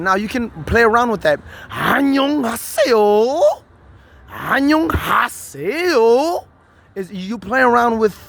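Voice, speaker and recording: A man's voice: high-pitched, a bit bright. A man rambling casually to the camera in a loose, stumbling monologue, full of restarts. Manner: rambling, restarts, stoner banter. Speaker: vlogger.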